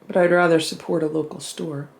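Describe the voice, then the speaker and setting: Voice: level tone, a little fast, creaky, slight background noise. Chatty cat vlogger filming at home. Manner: chatty, laughs often, coos to the cat in a higher voice. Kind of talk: casual vlog commentary while filming. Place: indoors at home. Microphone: handheld camera held by the speaker.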